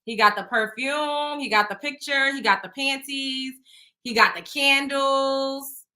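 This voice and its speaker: Blunt, bright-voiced woman host. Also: sits high, a little slow. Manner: blunt, profane storytelling; laughs often while talking. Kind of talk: casual chat.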